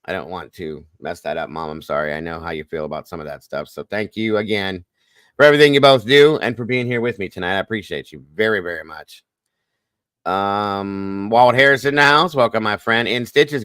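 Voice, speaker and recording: A man hosting a livestream, rattling off quick, folksy greetings to viewers by name. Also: fairly low pitch, fairly bright tone, smooth, no room sound, clean studio sound. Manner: fast, folksy greetings with Southern-style phrasing. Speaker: livestream host. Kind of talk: casual livestream shout-outs.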